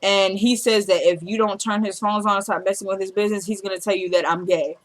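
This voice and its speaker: Woman chatting through a tv episode recap, acts out the lines herself, mid-pitched voice. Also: fairly even intonation, fast talker. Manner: retells scenes by acting out lines. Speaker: show recapper.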